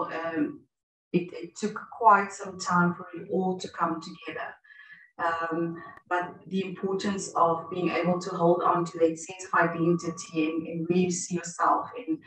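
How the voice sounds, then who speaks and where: A woman speaks as a guest on a video call, hesitant and full of restarts. Her voice sits on the low side for a woman. She comes through a laptop mic, distant and in a roomy space. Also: a bit bright. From South Africa.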